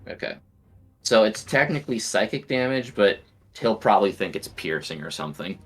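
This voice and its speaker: A man's voice: lowish voice, lively intonation, moderate pace, breathy edge, faint music behind. A man playing a tabletop game who describes his spells vividly and chats casually with the table. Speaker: player.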